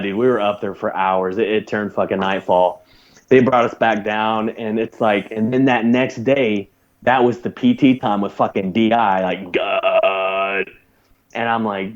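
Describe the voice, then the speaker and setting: A man's voice: fairly low pitch, moderate pace, muffled recording. Swearing man telling a war story. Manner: profane, animated anecdote telling with put-on quotes. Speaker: guest, former Navy corpsman. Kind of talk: casual podcast storytelling.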